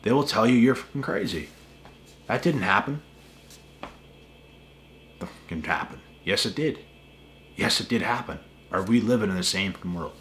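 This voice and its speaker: A man's voice: lowish voice, lively intonation, normal speed, pauses often, a bit bright, slight background noise. A man hosting a spiritual channel, ranting to camera in an emphatic, repetitive way with a lot of swearing. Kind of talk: casual rant to camera.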